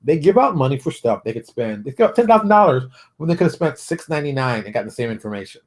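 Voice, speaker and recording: Guy hosting his own show, talks super fast and emphatic, keeps repeating himself, mid voice. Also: mid-range voice, sing-song. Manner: emphatic, rants, repeats phrases, acts out quotes. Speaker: host of a daily tabletop games industry show. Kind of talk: casual solo monologue.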